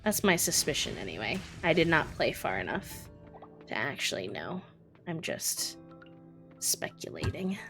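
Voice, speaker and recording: Young woman, live-stream gameplay chat, relaxed and chatty, lowish voice, faint background music. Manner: relaxed, chatty, talks to chat between tasks.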